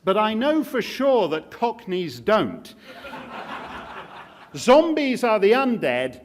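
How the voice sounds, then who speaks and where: A man gives a keynote speech in an auditorium, his pitch sitting a touch high and swinging widely from line to line. His delivery is sardonic and jokey, full of asides. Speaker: keynote speaker. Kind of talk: public speech.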